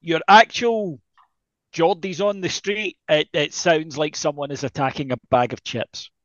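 A man's voice: fairly high pitch, unhurried, dry recording, highs cut off. A man chatting casually as a podcast co-host, rambling and self-deprecating with lots of restarts. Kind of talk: casual chat.

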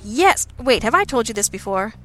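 A woman's voice: a little high, very animated, normal speed, fairly bright tone. A woman voicing a cheerful, oblivious young man who runs a café, breezy and chipper, as an audiobook character. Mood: eager.

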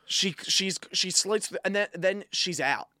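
A man's voice: high voice, unhurried, no room sound, studio quality. A man, co-hosting a casual podcast chat and telling stories with lots of swearing. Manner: animated storyteller, swears freely. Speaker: podcast co-host.

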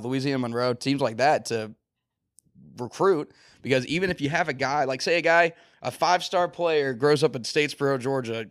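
A man's voice: medium pitch, no echo, clean studio sound. A man co-hosting a casual sports podcast, spinning long hypotheticals and acting out quotes. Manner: rambling hypotheticals, acts out quotes. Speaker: podcast co-host.

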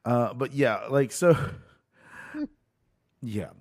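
A man's voice: medium pitch, animated, drawn-out words. Rambling stammering podcast man. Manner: rambling, stammering restarts, laughs often. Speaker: podcast co-host. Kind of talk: casual chat recapping a TV episode.

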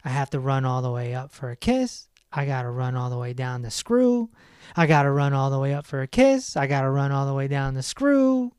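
A drained, lovesick little monkey, as a man puts him on in a spoken joke, drawing out each word in a slow, plaintive way. The voice is plainly dry, with no room around it. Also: mid-range voice, big pitch swings, a little mellow, clear, resonant tone, dry recording, natural voice. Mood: exhausted. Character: sad lovesick little monkey, male, worn out.

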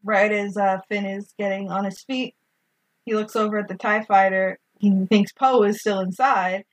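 A woman co-hosting a casual film recap, talking in an animated, gushing way and acting out characters' lines. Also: mid-range voice, normal speed, rough recording. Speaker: podcast co-host.

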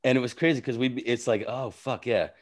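A man telling stories from a film set in casual chat, profane and animated, acting out what people said. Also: medium pitch, brisk. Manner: animated, profane, often acts out quotes.

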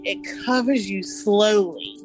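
A woman telling personal stories in an interview, halting and restarting, with soft nervous laughs. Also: medium pitch, soft background music. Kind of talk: personal storytelling.

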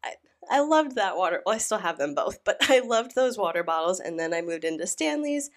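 A woman's voice: medium pitch, very animated, brisk. A young woman hosting a reaction video, sounding out of breath from a sinus illness, rambling and teasing in casual chat. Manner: rambling, playful and mocking. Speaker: YouTube reaction host. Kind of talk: casual chatty commentary.

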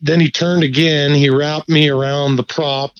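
A man telling a fishing story in a laid-back, profane, animated way during a casual chat. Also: on the high side, normal speed, muffled recording. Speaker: guest angler.

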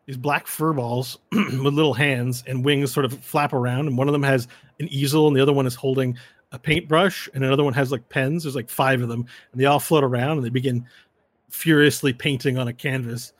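A man's voice: mid-range voice, fairly even intonation, dry recording. Man narrating a tabletop game, dry close sound. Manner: slow, dramatic storytelling. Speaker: game master.

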